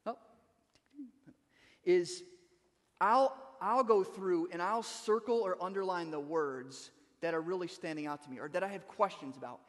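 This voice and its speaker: A man's voice: high voice, a little slow, in a large hall. A man preaching a sermon as pastor, talking conversationally and repeating words as he starts a thought.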